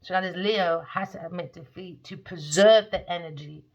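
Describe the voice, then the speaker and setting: A woman's voice: lowish voice, moderate pace. A woman giving a rambling, emphatic, slangy tarot reading in casual monologue. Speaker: tarot reader. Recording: dull lo-fi recording.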